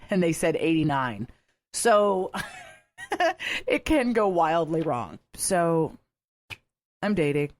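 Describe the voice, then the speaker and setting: A woman's voice: low voice, dry recording. A woman in her thirties hosting a podcast, telling rambling stories in a chatty way and laughing often. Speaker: podcast host. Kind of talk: casual solo storytelling.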